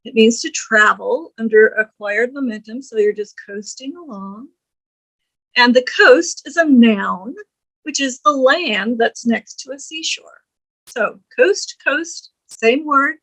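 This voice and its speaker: A woman's voice: a little high, a bit bright, poor audio. A woman lecturing on English grammar, reading examples aloud and explaining them with frequent ums and uhs. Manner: slow, deliberate, reads quoted lines slowly; frequent fillers like um and uh.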